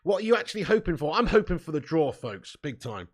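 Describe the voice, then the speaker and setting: A man from England hosting a live football watch-along, chatting with viewers, joking, swearing and laughing, with sudden loud outbursts. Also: fairly high pitch, very animated, fast talker. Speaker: football fan channel host.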